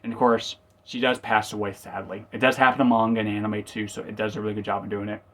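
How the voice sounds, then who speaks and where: A man's voice: fairly low pitch, flat delivery, fast talker. Rambling man recapping an episode. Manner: rambling, self-correcting, acts out quotes. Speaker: reviewer. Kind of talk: casual spoken review.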